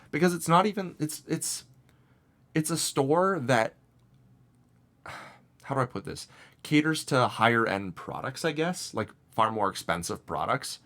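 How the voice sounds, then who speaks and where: A young man co-hosting a casual podcast, telling a story in an animated way and mimicking the voices of the people in it. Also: medium pitch. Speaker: podcast co-host.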